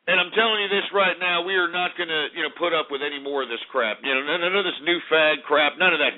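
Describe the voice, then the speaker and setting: A man's voice: a little high, fast talker, few pauses. An American man hosting a talk radio show, rambling through stock market numbers with brash, mocking asides and mild swearing. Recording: tinny phone-like radio broadcast.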